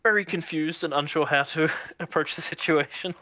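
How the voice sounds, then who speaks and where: A man narrating as game master in a tabletop game, relaxed and rambling with many fillers. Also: fairly high pitch, normal speed, slight background noise.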